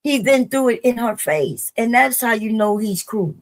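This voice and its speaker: Gravelly woman arguing her point. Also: fairly high pitch, lively intonation, moderate pace, low-quality recording. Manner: argumentative, questioning, casual. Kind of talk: casual panel debate.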